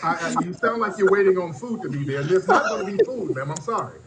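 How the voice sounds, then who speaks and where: A man's voice: high-pitched, expressive, quick pace, heavy background noise. A man hosting a live stream and roasting a caller, teasing her and repeating "ma'am" in a mocking way. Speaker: host.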